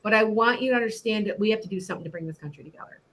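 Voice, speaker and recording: A woman's voice: medium pitch, very fast, fairly bright tone, a little hiss or hum. A middle-aged woman hosting an internet radio show, chatting loosely about her psychic predictions, rambling and laughing often. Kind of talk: casual chat about predictions.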